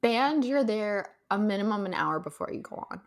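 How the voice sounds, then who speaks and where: A woman in her late twenties chats casually as a podcast co-host. She talks with animated energy, swears freely and slips into quick voices for the characters she retells. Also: medium pitch. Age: 20s. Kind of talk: casual recap chat.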